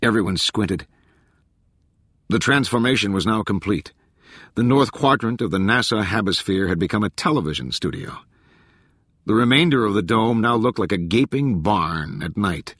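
Man, audiobook narrator, low voice, husky, measured, dry close sound. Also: dry recording. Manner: even, measured reading. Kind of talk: scripted narration.

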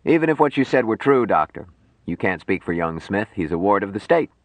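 A man's voice: fairly low pitch, sing-song, fairly quick, no room sound. A man voicing a stern older male head of government who speaks curtly and commands. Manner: curt, commanding.

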